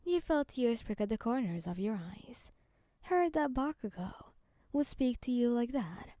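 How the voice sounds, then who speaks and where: A woman calmly narrates a second-person fan story in a soft, even reading voice. Her voice is fairly high with a dark, mellow tone. The sound is close and dry. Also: unhurried, dry recording.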